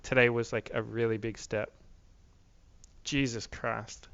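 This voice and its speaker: A man's voice: medium pitch, flat delivery, a little slow, gravelly, fairly bright tone, dull audio. Rambling, swearing young man on camera. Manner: rambling, profane, many "like" fillers. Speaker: vlogger. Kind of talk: casual video diary rant.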